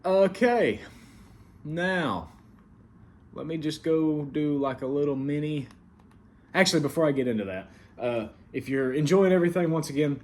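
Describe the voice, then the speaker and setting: Hosting the weekly league recap, this Southern man sounds easygoing and filler-heavy until the rules come up, when he gets stern. He's the commissioner and show host, and his voice sits on the high side, expressive and moderately paced.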